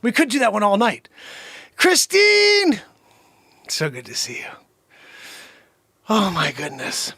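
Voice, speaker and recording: A man hosting a casual livestream, chatting excitably, laughing often and calling out to viewers. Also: sits high, normal speed, vocal fry, long pauses, breathy edge, dry recording, studio quality. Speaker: livestream host. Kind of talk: casual livestream chat with music.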